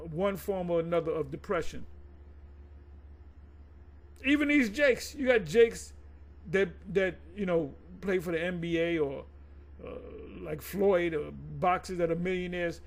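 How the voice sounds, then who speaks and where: A man reading scripture aloud in halting bits, then breaking into loose ranting commentary full of restarts and stumbles. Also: sits high.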